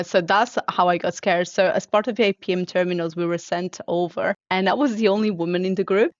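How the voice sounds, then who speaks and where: A woman's voice: lowish voice, no echo, lo-fi sound. A woman appearing as a podcast guest, telling stories in a casual chat and laughing often. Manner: warm storyteller who laughs often. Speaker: podcast guest, improvement consultant.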